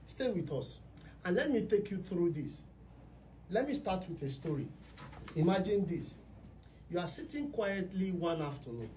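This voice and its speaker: A woman's voice: lowish voice, very animated, moderate pace, pauses often, mellow. A woman hosting a radio talk show, telling stories emphatically. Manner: storytelling, emphatic. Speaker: radio host. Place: radio studio. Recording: distant mic with faint noise.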